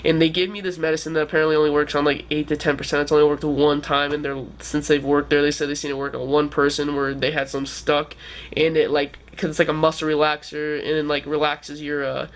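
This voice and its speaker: A man's voice: a little high, flat delivery, quick pace, fairly bright tone. A man in his twenties telling a story to camera in a rambling, casual way, with lots of "like" and swearing. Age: 20s. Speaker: vlogger.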